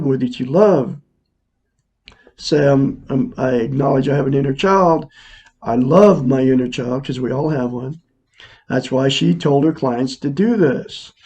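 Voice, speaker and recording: A self-help vlogger in his sixties speaks earnestly to viewers at a moderate pace, his mid-range voice mellow with a breathy edge. His monologue is casual, repetitive and preachy, recorded on a camera mic as he looks into a mirror.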